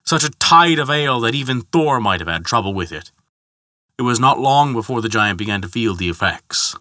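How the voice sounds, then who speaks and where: Brief: male storyteller, measured and dramatic, bright tone, dry close sound. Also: medium pitch, expressive, no echo. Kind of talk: scripted mythology narration.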